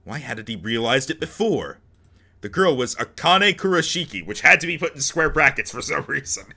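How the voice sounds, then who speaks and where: A man's voice: on the high side, big pitch swings, moderate pace, creaky, pushed and bright. A man reading game text aloud and cracking jokes between the lines as he plays. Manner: joking asides between dramatic narration. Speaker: let's play host.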